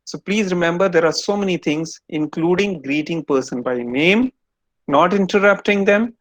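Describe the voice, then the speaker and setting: A man's voice: sits high, normal speed, no echo. Man lecturing over a video call. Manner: explains step by step, quizzes students. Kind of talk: online lecture.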